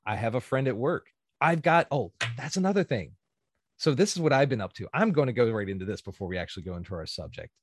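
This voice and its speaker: A man co-hosting a casual podcast chat, animated and joking, laughing often. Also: medium pitch, fast, slightly rough, no echo, clean studio sound. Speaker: podcast co-host.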